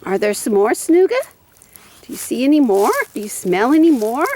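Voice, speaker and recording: A woman with a high, bright-pitched voice that leaps up and down in sing-song swoops. She is a preschool teacher talking to her young students on video, then cheering on her dog to hunt for treats. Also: lively intonation, brisk, noisy background. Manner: sing-song, coaxing talk to a pet dog.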